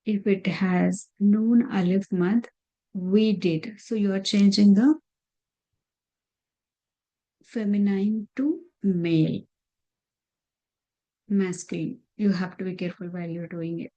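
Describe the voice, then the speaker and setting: A woman's voice: medium pitch, steady tone, slow pace, pauses often, dark tone, lo-fi sound. A woman teaching a recitation lesson over slides, patiently repeating terms and counts.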